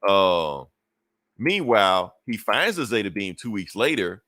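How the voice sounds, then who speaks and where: A man's voice: lowish voice, very animated, unhurried, bright, forceful tone, no room sound, studio quality. A man casually recapping a comic book on a podcast, swearing freely and acting out the characters' lines. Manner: loose and profane, acts out characters' lines with laughs. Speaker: podcast co-host reviewing comics.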